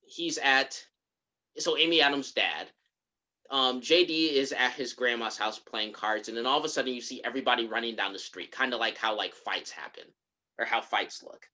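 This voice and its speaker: A podcast co-host in casual chat, retelling a movie scene by scene as an animated storyteller. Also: mid-range voice, moderate pace. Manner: animated storyteller who acts out the characters' lines.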